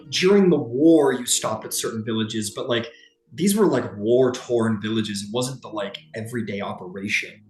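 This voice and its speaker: Rambling game master in an echoey room. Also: male voice, lowish voice, normal speed, darkish tone. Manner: rambling, lots of "like" and "um". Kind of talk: narrating a tabletop game.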